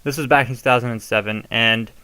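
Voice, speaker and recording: A man's voice: mid-range voice, fairly even intonation, fast, sharp tone, clean tone. A young man casually showing how to modify a toy, chatty and given to rambling asides. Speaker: toy reviewer. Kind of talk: casual hands-on tutorial.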